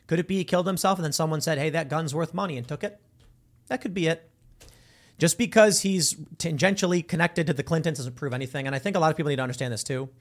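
A man's voice: a little high, fast talker. A man hosting a casual commentary monologue, telling stories and acting out the people in them. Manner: animated storytelling, acts out quoted voices. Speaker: political commentary host.

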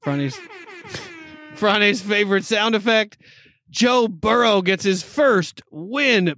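A man with a fairly high voice co-hosts a casual football talk show. He reels off scores and stats in quick bursts and laughs easily. His voice sits close and dry on the mic. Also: a bit bright, dry recording. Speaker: podcast co-host. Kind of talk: casual sports chat.

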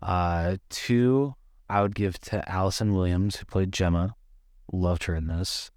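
A man co-hosting a casual movie review podcast, relaxed and rambling with mild swearing. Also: sits low, unhurried, clear, resonant tone, dry recording, clean studio sound. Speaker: podcast co-host.

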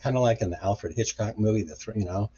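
Brief: middle-aged male guest, low husky voice, animated storyteller who acts out the quotes, slightly muffled audio. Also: quick pace, slight background noise. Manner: animated retelling with acted-out quotes. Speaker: guest, deliverance minister. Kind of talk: storytelling interview.

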